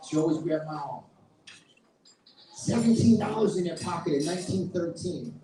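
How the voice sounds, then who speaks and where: A middle-aged man with a New York accent giving a loud, passionate and combative speech at a live event. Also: on the high side, normal speed. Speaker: featured event speaker. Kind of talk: fiery political speech. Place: event hall with live audience. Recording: echoey room, mic at a distance, crowd audible.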